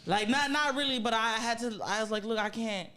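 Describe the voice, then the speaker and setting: A woman athlete guest telling animated, playful stories in casual chat, full of laughs and dramatic retellings. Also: a little high, brisk.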